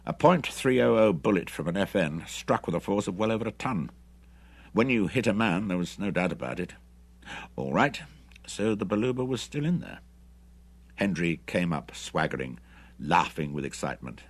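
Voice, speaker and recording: A man narrating an adventure novel audiobook in an expressive, dramatic reading. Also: low-pitched, normal speed, gravelly, breathy edge. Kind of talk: scripted narration.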